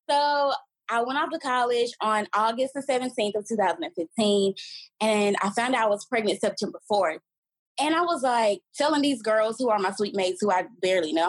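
A woman in her twenties, a podcast guest telling her story in a candid, animated way and acting out the voices of people she quotes. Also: fairly high pitch, no echo, rough recording. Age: 20s. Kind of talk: casual storytelling.

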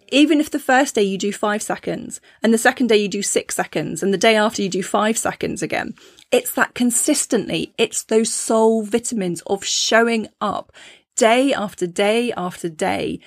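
A woman's voice: medium pitch, no room sound, clean studio sound. A woman hosting a solo motivational podcast, upbeat, acting out inner voices with playful exclamations. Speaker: podcast host.

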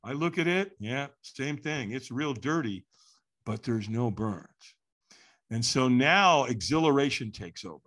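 A man telling a story as a podcast guest, animated and acting out quotes with sudden shouts. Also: mid-range voice, unhurried.

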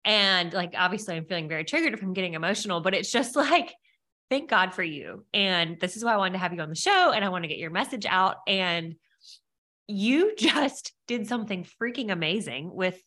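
A woman's voice: mid-range voice, animated, a little fast, sharp tone. A woman hosting a podcast, speaking candidly and emotionally in a casual conversational way with many fillers. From America. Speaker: podcast host.

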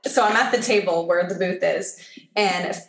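A woman's voice: lowish voice, moderate pace. Chatty woman telling a story, roomy echo. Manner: animated, filler-heavy, acts out quoted dialogue. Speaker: guest. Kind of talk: casual storytelling in a podcast chat.

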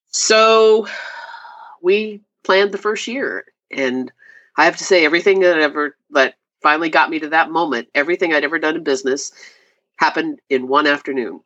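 A woman talks about her craft in a loose, chatty way. She jumps up high in pitch whenever she acts out what people said. The audio is a little dull and lo-fi. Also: moderate pace, pauses often, a bit bright. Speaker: glass artist guest. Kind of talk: casual interview storytelling.

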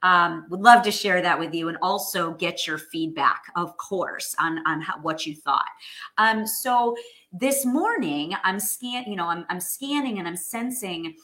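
Woman, thirties, bright and forceful tone, casual live-stream chat, lots of ums and restarts, greets viewers by name. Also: on the low side, animated, a little slow. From New York. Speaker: host of live stream, sales coach.

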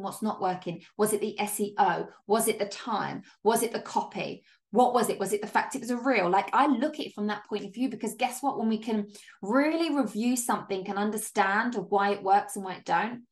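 Upbeat, swearing woman podcast coach. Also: medium pitch. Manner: upbeat, emphatic, casual swearing; chatty with frequent "like" and laughs. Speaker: podcast host and business coach. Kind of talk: solo podcast monologue.

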